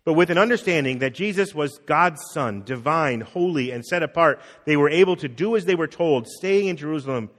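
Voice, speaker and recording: A middle-aged man, a pastor, preaching a conversational sermon, acting out quotes and dropping soft on key words. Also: a little high, expressive, fairly quick, few pauses. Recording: long reverb of a hall.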